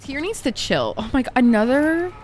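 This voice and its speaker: A woman's voice: high voice, sing-song, moderate pace, slight background noise. A woman streaming a game live, reacting with crude jokes and casual chatter. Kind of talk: live gameplay commentary. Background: game music and sound.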